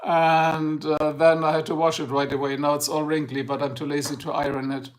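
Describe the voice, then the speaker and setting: A man's voice: fairly high pitch, flat delivery, a little fast. A middle-aged man with a German accent, a native German speaker, hosting a casual livestream and chatting with viewers in a rambling, joking way. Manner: rambling, joking, addresses chat by name. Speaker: livestream host.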